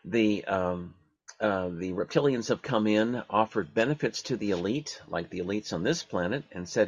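Man with a husky, muffled voice. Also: on the low side, dry recording. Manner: halting, many fillers and restarts. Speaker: radio show host. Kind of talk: casual radio talk.

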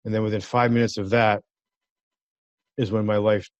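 A man's voice: on the low side, normal speed, no room sound. Man telling a story, muffled dry sound. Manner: animated, acts out quoted voices. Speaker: guest. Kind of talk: casual storytelling.

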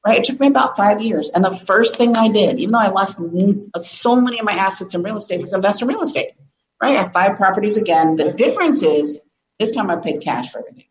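A woman's voice: medium pitch, fast, roomy sound, poor audio. A middle-aged woman in an interview as a business coach, telling an emotional story animatedly and acting out quotes. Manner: animated, laughs often, acts out quotes.

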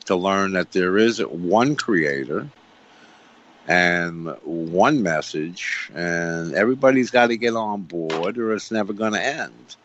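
A man's voice: low-pitched, expressive, slow pace, a bit bright, a little hiss or hum. A man on a radio show talking about faith emphatically, repeating himself and asking rhetorical questions. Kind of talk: preachy spiritual talk. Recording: dull lo-fi radio sound.

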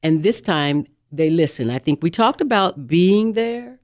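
A woman guest on a talk show, a leadership coach explaining communication styles in an animated, teaching manner. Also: fairly low pitch, unhurried.

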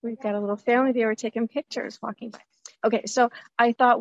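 A woman's voice: a little high, moderate pace, vocal fry, no room sound. Chatty woman host, dry lo-fi sound. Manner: candid, animated, jumps into voices of remembered people. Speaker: podcast host. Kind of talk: casual personal monologue. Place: outdoors at a zoo by a lake.

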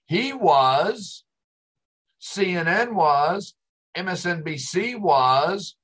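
A man's voice: high voice, animated, takes it slowly, fairly bright tone, husky, rough recording. An older man hosting a talk show, ranting with exasperation and sarcasm. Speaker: host. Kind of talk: ranting commentary.

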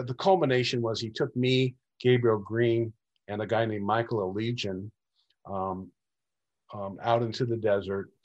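A man's voice: fairly low pitch, highs cut off. A man speaking as an interview guest, telling a long, rambling story about his own experiences. He acts out what other people said as he goes. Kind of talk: recounting personal experiences.

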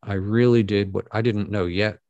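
A middle-aged man speaks in a gravelly, fairly low voice, recorded close and dry. He tells his story earnestly to an audience, stopping and restarting as he goes. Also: fairly even intonation, darkish tone, dry recording, muffled recording. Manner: earnest, halting, with many fillers and restarts. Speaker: guest speaker.

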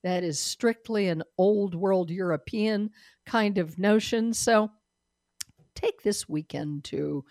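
A woman's voice: mid-range voice, takes it slowly, darkish tone, no echo, clean studio sound. A woman hosting a talk show, giving sardonic, opinionated commentary and laughing at her own jokes.

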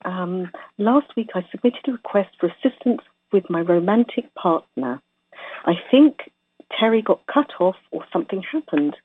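A woman's voice: medium pitch, lively intonation, moderate pace, breathy edge, no room sound. Hesitant woman caller on a tinny line.

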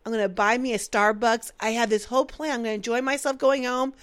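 A woman's voice: fairly high pitch, fast talker. A woman who co-owns a business, animatedly telling a story in casual chat and acting out the dialogue. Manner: animated, acts out quoted dialogue. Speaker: business owner.

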